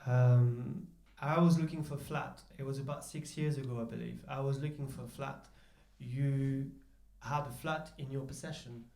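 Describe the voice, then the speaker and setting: A man's voice: mid-range voice, fairly even intonation, moderate pace, vocal fry, warm tone, echoey room. A young man chatting casually on a live stream, laid-back with short replies. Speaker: guest. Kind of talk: casual chat.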